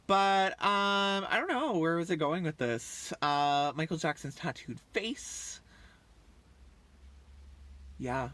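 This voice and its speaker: A man in his thirties chatting on a livestream in a loose, rambling way, drifting between thoughts with plenty of fillers. His voice sits a bit high and sounds bright and forceful. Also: lively intonation, takes it slowly, long pauses. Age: 30s. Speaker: livestream host. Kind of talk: casual rambling livestream chat.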